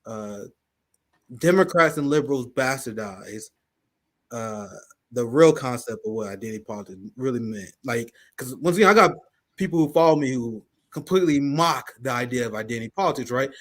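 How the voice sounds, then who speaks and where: A man's voice: fairly high pitch, a bit bright. A man hosting a live political commentary stream, talking bluntly and with profanity. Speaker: host.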